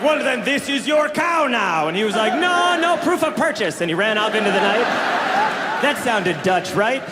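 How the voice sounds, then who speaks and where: High-voiced man riffing incredulously on stage. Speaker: stand-up comedian. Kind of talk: stand-up comedy routine. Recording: reverberant hall with crowd and noise.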